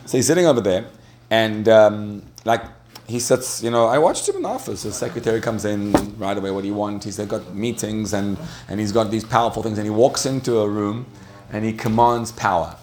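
A man with a lowish voice gives a storytelling talk to an audience. He speaks in a loose, conversational way, often stumbling and restarting. He laughs between points, and a faint hiss sits under the recording. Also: brisk. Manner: chatty, with frequent restarts and laughter.

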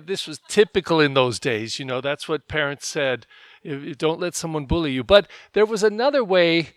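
A male pastor giving a conversational homily, telling stories and getting animated when he quotes people. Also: on the high side, moderate pace, no room sound. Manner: storytelling, animated when quoting others.

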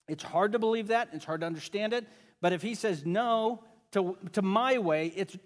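A man's voice: on the high side, big-room sound. A pastor preaching a sermon to his congregation in a casual, conversational way, often joking with the kids and parents.

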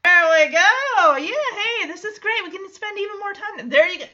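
A woman's voice: very high-pitched, expressive, normal speed, sharp tone, dull audio. A woman hosting a podcast, recapping a show episode in a chatty, amused way with loose filler words. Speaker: podcast host.

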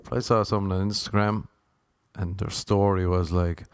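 Low-voiced man telling wry rambling stories. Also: steady tone, moderate pace, clean tone, dry recording, clean studio sound. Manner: rambling, wry, self-deprecating humour. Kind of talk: casual solo storytelling monologue.

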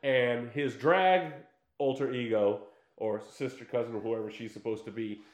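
A man's voice: medium pitch, moderate pace, roomy sound. A man casually recapping a film in chat, telling it with energy and acting out the lines he quotes. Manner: animated storytelling with acted-out quotes, swears freely. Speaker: podcast co-host recapping a film.

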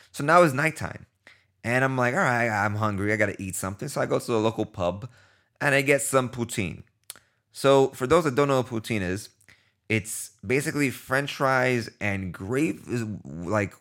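Low-voiced man telling a casual story. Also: a bit bright. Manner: chatty, profane, acts out his own dialogue.

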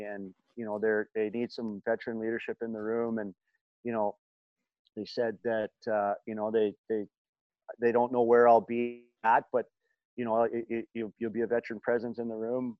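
A man's voice: mid-range voice, no echo, lo-fi sound. Rambling middle-aged man telling stories. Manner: rambling, many fillers and restarts. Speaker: podcast guest, former hockey player. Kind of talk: casual storytelling.

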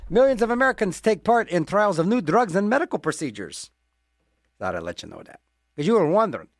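High, lively male radio DJ. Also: brisk, dry recording, studio quality. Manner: rambling, jokey, self-mocking asides. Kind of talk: casual radio DJ patter.

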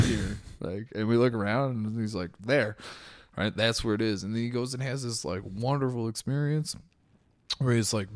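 A man's voice: mid-range voice, dry recording, clean studio sound. A man telling wild stories in casual chat as a podcast guest, laughing often and swearing as he acts out the other people. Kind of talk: casual storytelling.

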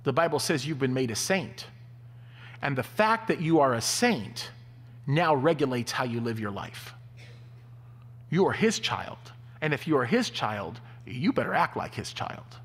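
Husky, animated preaching man. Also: medium pitch, a little slow. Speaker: pastor. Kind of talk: sermon. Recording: long hall reverb.

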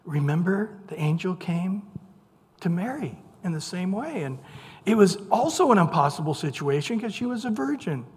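High-voiced preacher in a reverberant hall. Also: male voice, very animated, moderate pace, a little mellow. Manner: conversational, playful retelling with voiced quotes. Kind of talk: sermon.

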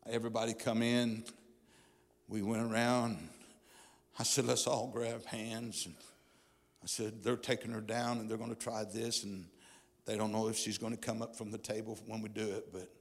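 Middle-aged male pastor, low gravelly voice, fervent testimony preaching, live church with long reverb. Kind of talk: sermon. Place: church sanctuary.

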